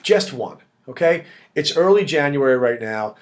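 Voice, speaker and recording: A man's voice: mid-range voice, lively intonation, normal speed. A man leading a real estate network, giving direct, emphatic coaching in a motivational video blog. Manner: direct, emphatic pep talk addressing the audience as "guys".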